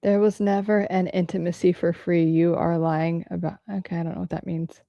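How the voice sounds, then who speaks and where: A woman's voice: fairly low pitch, level tone, fairly quick, vocal fry, no room sound, highs cut off. A woman hosting a casual livestream, answering viewer comments candidly and swearing freely.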